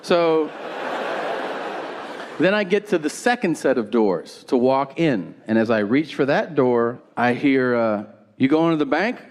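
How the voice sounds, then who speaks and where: In a live venue filled with audience laughter, a man performs stand-up, telling a story with acted-out dialogue and crude punchlines. His mid-range voice is animated and a little slow.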